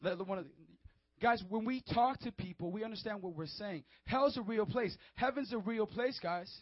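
Fervent high-voiced male preacher. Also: normal speed, no room sound. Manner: fervent, emphatic, calls out to listeners. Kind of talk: sermon to a young audience. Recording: dry, dull lo-fi sound.

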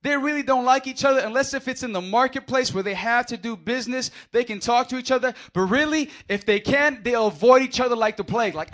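A male pastor delivers a lively sermon in a high voice. He acts out the people in the story and swings from quiet asides to shouted lines. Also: a little fast, few pauses. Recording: audio of a live sermon.

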